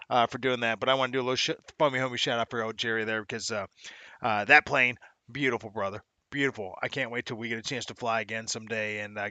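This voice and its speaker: A man with a bright, forceful, mid-range voice hosts a casual livestream show. He's chatty and upbeat, laughs a lot, and uses slang. The audio has no echo.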